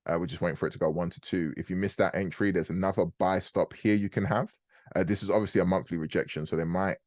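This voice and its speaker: A young man hosting a live trading call, explaining chart setups in a fast, casual, slangy way. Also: deep voice, darkish tone, no room sound, clean studio sound. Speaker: forex trading host.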